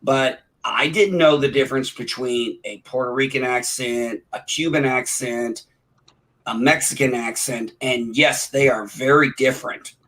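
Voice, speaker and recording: A man's voice: medium pitch, measured pace, fairly bright tone, low-quality recording. A man from Illinois with a Midwestern accent tinged with Southern, chatting on a video call in a rambling way. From Illinois, near St. Louis. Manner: rambling, restarts often. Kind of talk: casual chat.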